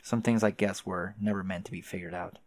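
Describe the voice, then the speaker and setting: A man's voice: low voice, fairly even intonation, fairly quick, dry recording. A man doing a sardonic ironic young guy. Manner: dry, sardonic, swearing casually. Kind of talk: reading a webcomic aloud, voicing characters.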